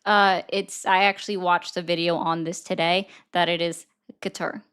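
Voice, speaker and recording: A woman hosting a heated argument, her voice smooth and resonant. She fires off pointed questions one after another, pressing for answers in an argumentative debate. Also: fairly low pitch, level tone, a bit bright. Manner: pointed, rapid-fire questioning. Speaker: host.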